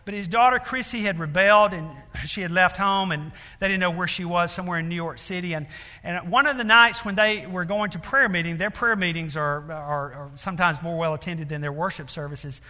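Man, preacher, sermon, high voice, earnest storytelling, lots of fillers, long hall reverb. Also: a little fast, pushed and bright. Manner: earnest storytelling with many fillers, building to emphatic appeals.

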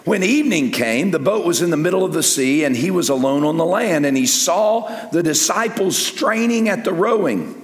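Animated older preacher in echoing hall. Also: male voice, normal speed, hardly any pauses. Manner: lively preaching that swings from loud peaks to soft low asides. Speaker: pastor. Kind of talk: sermon. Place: large church sanctuary with long reverb. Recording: echoey hall with long reverb.

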